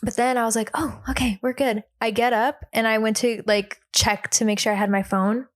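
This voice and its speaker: A woman's voice: a little high, brisk. A young woman tells a story on a podcast in a loose, conversational way. She leans on likes and ums and jumps into the voices of the people in her tale. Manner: animated retelling with many likes and ums, acting out quotes. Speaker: podcast co-host. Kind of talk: casual storytelling chat.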